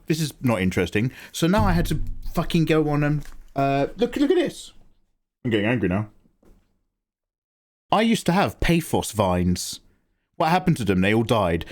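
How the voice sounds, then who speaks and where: A young man casually chatting on an art livestream, theatrical and grumbling, with swearing. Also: medium pitch. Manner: animated, theatrical complaining with swearing.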